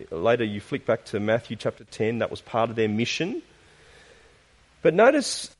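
A man's voice: on the high side, darkish tone. A man preaching a sermon, posing rhetorical questions and tagging points with "isn't it?". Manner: asks rhetorical questions with frequent tag questions. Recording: long reverb of a large hall.

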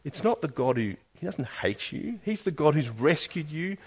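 A man preaching a sermon as pastor, earnest and questioning, with emphatic rises and quiet drops. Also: a little high, sing-song, normal speed, husky.

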